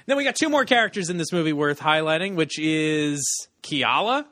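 Bright, lively male podcast host. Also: on the high side, moderate pace, no room sound, studio quality. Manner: reads descriptions aloud with laughs. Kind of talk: casual podcast chat.

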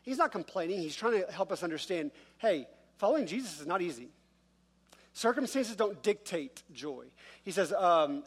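Conversational high-voiced male pastor. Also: animated, moderate pace, breathy edge. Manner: conversational, self-deprecating, acts out quoted voices. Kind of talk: sermon.

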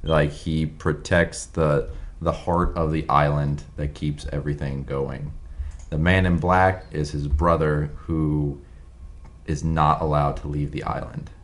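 A man chatting casually on a podcast, explaining things in a quick, animated way. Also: extremely low pitch. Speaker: podcast co-host. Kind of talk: casual group chat.

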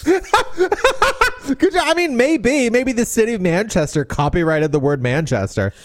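A podcast co-host in casual chat, poking fun at a romance novel with sarcastic asides and quick character bits. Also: medium pitch, big pitch swings, no echo, studio quality.

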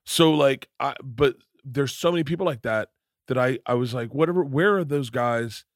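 A man hosting a podcast in casual chat, profane and excitable, rambling through his stories. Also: mid-range voice, brisk, dry recording, clean studio sound. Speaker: podcast host.

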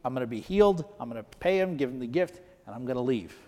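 A man's voice: mid-range voice, animated, fast, darkish tone, long reverb tail, lightly acted. A man voicing a proud, self-important army general who is indignant at being slighted. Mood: smug.

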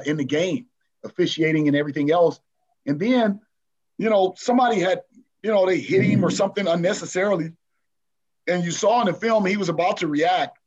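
A fairly high-voiced man coach tells an emotional story, often slipping into the voices of his players. The audio is muffled and lo-fi. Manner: animated retelling, acts out players' voices, frequent "man". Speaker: basketball coach, guest. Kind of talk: interview storytelling.

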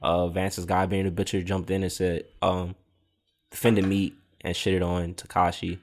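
Low-voiced New podcast host. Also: male voice, completely flat delivery, moderate pace. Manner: reads stories, then asks questions. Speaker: podcast host reading news. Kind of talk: casual hip-hop podcast chat.

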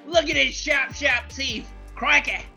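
A man's voice: very high-pitched, fast talker, vocal fry, faint music behind, voice pushed up. A man putting on an exaggerated British-turned-Australian bloke, with theatrical exclamations. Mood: excited.

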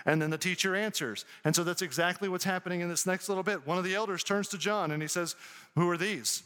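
A man's voice: sits high, fast, sharp tone. A man preaching an earnest sermon as a pastor, reading scripture and explaining it to his congregation. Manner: earnest, preaching with rising emphasis. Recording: long hall reverb.

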